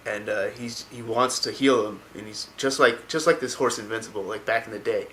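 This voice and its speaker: A man's voice: on the low side, brisk, a bit bright, a little hiss or hum, low-quality recording. A man casually retelling a fantasy story, rambling with many fillers and restarts. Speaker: lore video narrator.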